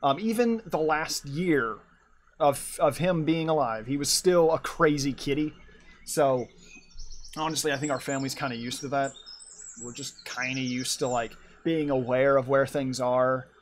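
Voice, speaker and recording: A man's voice: medium pitch, a little slow, a little hiss or hum. A man streaming from his room at home, chatting casually and rambling while he draws and answers his chat. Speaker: art streamer.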